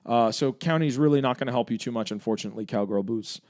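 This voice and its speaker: A man hosting a livestream, reading viewer comments aloud and answering them in an energetic, argumentative way, with many fillers. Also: medium pitch, quick pace. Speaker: livestream host for a gun rights group.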